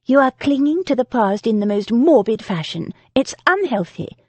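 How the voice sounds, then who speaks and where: A woman's voice: fairly high pitch, animated, moderate pace, breathy edge, no echo, muffled recording, voice pushed up. Woman playing a defiant young heroine. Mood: firm. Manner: cool and firm, gentle.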